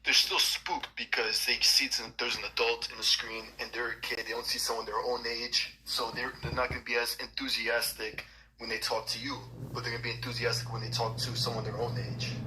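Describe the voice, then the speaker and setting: A man on a remote call, earnest and explanatory, speaking fairly quietly through clearly audible line noise. His tone stays even as he makes his case. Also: medium pitch, fairly quick, low-quality recording. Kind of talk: arguing on a stream call.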